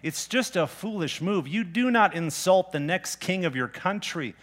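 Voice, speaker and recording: A pastor delivering a sermon in a relaxed, everyday way of talking. His voice sits a little higher than most men's. He poses direct questions to his listeners and retells scripture in casual words. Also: normal speed. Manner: conversational, plain-spoken preaching with rhetorical questions.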